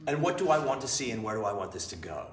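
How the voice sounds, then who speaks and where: Speaking at medium pitch and a quick pace, a man who teaches improv and is being interviewed shares candid stories before a live crowd in a small theater. He swears freely and acts out scenes with blunt, animated energy. The mic is distant, so his voice sounds far away in an echoey room with faint ambience.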